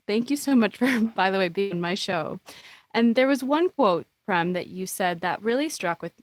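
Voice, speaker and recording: A woman's voice: mid-range voice, animated, moderate pace, no room sound. A woman hosting a podcast interview, asking effusive, admiring questions. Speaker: podcast host.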